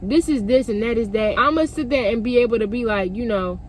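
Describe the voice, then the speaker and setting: A young woman vlogger telling a story in a lively, emphatic, profane way. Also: a little high, brisk, a little hiss or hum. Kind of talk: storytime vlog.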